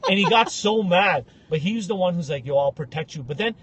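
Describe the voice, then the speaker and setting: A young man co-hosting a podcast, telling animated comic stories and acting out the people in them. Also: high-pitched, brisk, breathy edge. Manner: animated, acts out voices in anecdotes. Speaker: podcast co-host. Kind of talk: casual comedic storytelling.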